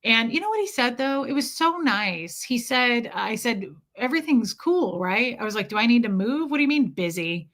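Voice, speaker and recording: A woman's voice: a little high, normal speed, few pauses. A woman hosting a casual livestream, telling a story while thanking her viewers between sentences. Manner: chatty, thanks viewers mid-story, animated retelling. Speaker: livestream host.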